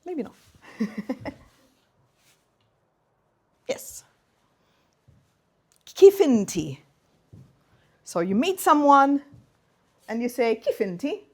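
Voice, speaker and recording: A woman's voice: high voice, very animated, extremely slow, long pauses, husky. A woman from Malta, giving a university seminar talk and playfully drilling the audience in phrases. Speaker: guest speaker.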